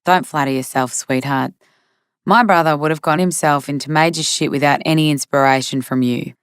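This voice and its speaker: A woman's voice: low voice, fairly even intonation, normal speed, clean tone, dry recording, lightly acted. A woman doing a sardonic, world-weary sister. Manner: dry, sardonic.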